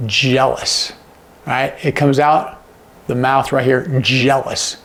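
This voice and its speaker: Gravelly-voiced male sign language teacher. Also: mid-range voice, little pitch movement, slow pace, fairly bright tone. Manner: demonstrative, asks frequent check-in questions. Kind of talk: casual instructional explanation.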